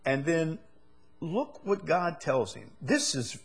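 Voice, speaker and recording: A man's voice: fairly high pitch, very animated, slow pace, husky. A male preacher giving a sermon, asking the same question again and again and building to emphatic peaks.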